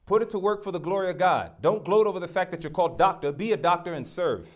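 A man's voice: high voice, fast. A middle-aged man preaching a sermon, emphatic and direct, throwing rhetorical questions at his congregation.

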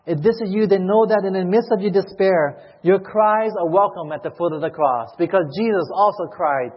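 A man's voice: high-pitched, moderate pace, breathy edge. A man preaching a sermon as a pastor, pleading emotionally and asking repeated questions to his church. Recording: echoey hall, muffled lo-fi sound.

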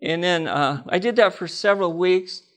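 A man's voice: high voice, moderate pace. An older man preaching a personal testimony, telling stories with laughter and acting out the dialogue.

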